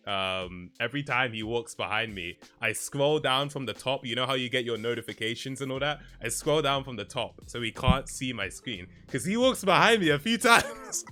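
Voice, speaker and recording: A young man from Nigeria, telling a story in a casual, chatty way to his live stream chat. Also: mid-range voice. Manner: animated, laughing, chatty retelling. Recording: faint music behind.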